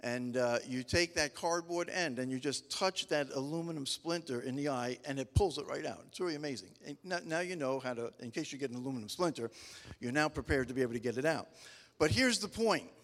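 Rambling folksy middle-aged preacher, reverby hall. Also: male voice, medium pitch, fairly quick, a bit bright. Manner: rambling, stop-start storytelling with frequent restarts; folksy and humorous. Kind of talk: casual conversational sermon. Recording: long reverb of a large hall.

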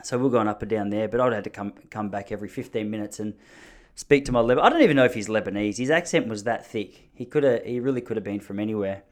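A podcast host in his thirties with an Australian accent, his voice lowish and his pace quick. He spins rambling, jokey stories in a casual, chatty conversation.

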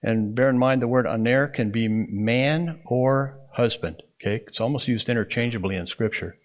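A man's voice: mid-range voice, normal speed. A man teaching a Bible interpretation class to students in a classroom. He talks conversationally and keeps checking in with "okay?".

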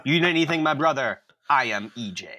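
A man's voice: fairly high pitch, huge pitch swings, extremely slow, bright, forceful tone, slightly rough, in a whisper, full character voice. A man doing a laid-back bro bartender. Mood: chill. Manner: easygoing, calls everyone doggy and bro.

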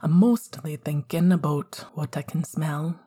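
A woman voicing a young man who is struggling against a wolfish pull, in a low, rumbling murmur. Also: fairly even intonation, measured pace, mellow, husky. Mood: brooding. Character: young man fighting his inner wolf.

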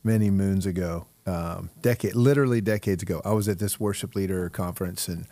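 A middle-aged man who is a youth leader hosts an interview, chatting casually and telling stories with chuckles and searching phrasing. His voice is deep and mellow, a little fast, with no echo.

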